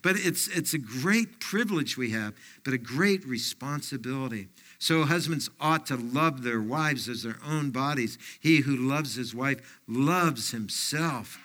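A man's voice: medium pitch, lively intonation, measured pace, few pauses, a bit bright. An older man giving a folksy sermon, often dropping in fillers and personal stories. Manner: folksy, anecdotal preaching with frequent fillers. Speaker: pastor.

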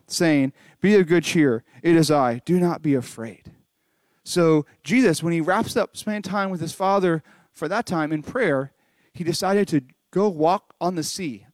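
A man with a slightly raised voice gives a children's Bible lesson in an earnest, conversational tone. He retells the story with little restarts. The sound is dry and close, with no room echo. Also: fairly high pitch. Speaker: children's church pastor. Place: home recording during lockdown.

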